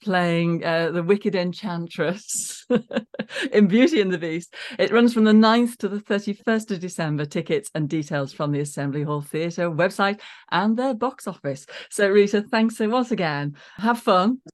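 A woman's voice: on the low side, moderate pace. A woman from Liverpool hosting a casual radio interview, asking friendly, encouraging questions. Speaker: radio presenter.

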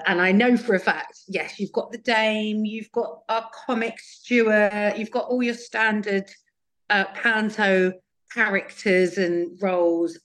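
A woman, an actress and singer, chatting as a guest in a casual radio interview, lively and quick to laugh. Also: fairly low pitch.

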